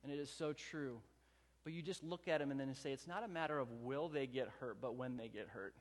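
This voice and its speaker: A man's voice: mid-range voice, brisk, in a large hall. A pastor in his thirties preaching a sermon, telling stories earnestly and building emphasis through repeated phrases. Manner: earnest storytelling, rising emphatic repetition.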